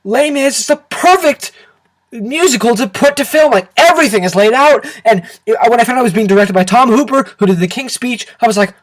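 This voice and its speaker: A man reviewing a film to camera in an excitable, animated rant full of exaggerated outbursts. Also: very high-pitched, brisk, poor audio. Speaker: movie reviewer.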